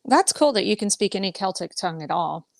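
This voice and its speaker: A woman co-hosting a casual chat, encouraging and quick to laugh. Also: mid-range voice, sing-song, vocal fry, no room sound.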